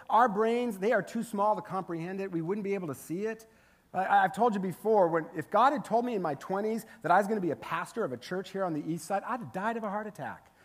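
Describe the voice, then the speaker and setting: A man's voice: sits high, a little fast, a bit bright. Casual, joking male pastor preaching. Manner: conversational, humorous, rhetorical asides. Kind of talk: sermon.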